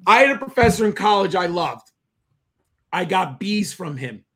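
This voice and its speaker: Middle-aged guy, high bright voice, emphatic and preachy storyteller. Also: big pitch swings, moderate pace. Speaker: podcast co-host. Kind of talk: casual sports chat.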